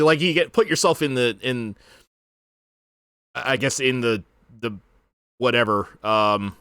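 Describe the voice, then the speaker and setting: A man's voice: mid-range voice, measured pace, long pauses, pushed and bright, clear, resonant tone, dry recording, clean studio sound. A man streaming a retro video game, rambling with sarcastic asides. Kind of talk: casual gaming commentary.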